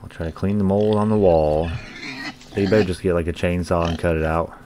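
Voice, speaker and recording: Deep-voiced man cursing through a horror game. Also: fairly even intonation, a little fast, warm tone, a little hiss or hum. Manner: profane, joking, talks to game characters. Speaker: gaming channel host. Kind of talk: let's-play commentary.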